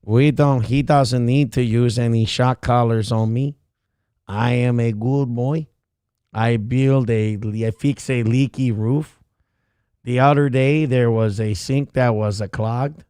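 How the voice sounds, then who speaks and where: A man's voice: mid-range voice, fairly even intonation, slow, mellow, clean tone, no echo, lightly acted. A crude, boastful male pet dog, as a man puts him on, bragging about his chores and cursing at the audience. The voice sits mid-height and sounds dry and close, with no room around it. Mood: smug. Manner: vulgar, bragging, belligerent.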